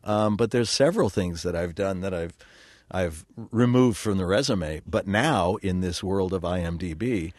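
An older man, a working actor, tells rambling, self-deprecating stories in a casual interview, full of fillers and restarts. His voice is deep and darkish, at normal speed, in a dry, clean studio recording.

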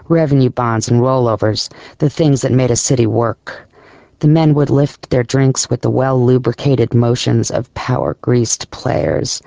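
A man narrating an audiobook story in a measured, descriptive storytelling manner. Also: mid-range voice, creaky, warm tone, no echo. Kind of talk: scripted narration.

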